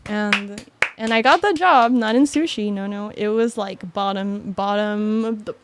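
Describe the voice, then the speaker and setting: A woman's voice: medium pitch, unhurried, noisy background. A young woman from Miami, a podcast guest, telling a story in casual chat, full of "like" and laughs. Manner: animated storytelling with lots of "like" and laughter.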